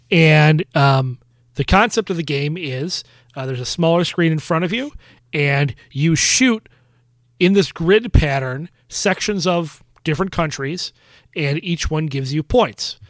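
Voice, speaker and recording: A man's voice: a little high, no room sound, studio quality. A man co-hosting a casual movie chat, explaining things carefully with joking defensiveness. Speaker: podcast co-host.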